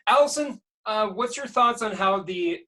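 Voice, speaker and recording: A man's voice: high voice, animated, moderate pace, sharp tone. Hesitant man rambling on a podcast. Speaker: podcast co-host. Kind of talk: casual podcast chat.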